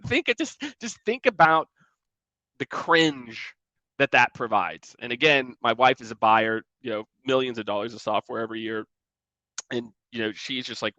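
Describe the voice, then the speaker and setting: Emphatic man coaching sales, bright voice. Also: medium pitch, expressive, moderate pace, no room sound. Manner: emphatic, conversational, acts out quoted emails in mocking voices. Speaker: sales trainer. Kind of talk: energetic sales coaching talk.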